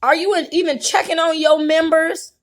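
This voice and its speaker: Tearful, impassioned high-voiced woman vlogger. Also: fairly even intonation, normal speed. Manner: impassioned, tearful, preacher-like cadence. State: crying at times. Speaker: YouTube vlogger. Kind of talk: emotional venting monologue.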